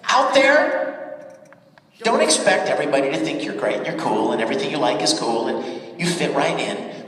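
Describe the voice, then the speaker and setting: A man's voice: high voice, moderate pace. A man speaking as a voice-actor guest at a convention panel, telling stories in a chatty, laughing manner. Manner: animated, laughing, chatty storyteller. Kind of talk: convention Q&A storytelling. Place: large convention panel hall. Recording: echoey hall from far off. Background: crowd and room noise.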